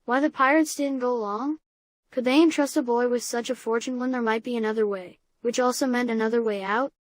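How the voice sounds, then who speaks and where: A woman's voice: a little high, steady tone, no room sound, close to an everyday voice. A woman reading the part of a frightened boy who stammers as he thinks aloud. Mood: puzzled. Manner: halting, stammering. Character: scared, clever boy Simon trapped in tunnels.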